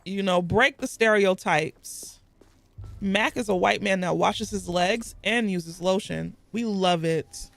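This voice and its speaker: A woman's voice: mid-range voice, slow pace, gravelly, soft background music. A woman streamer giving playful, joking commentary while playing a game. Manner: playful, joking, animated asides. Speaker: gaming streamer. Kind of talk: casual let's-play commentary.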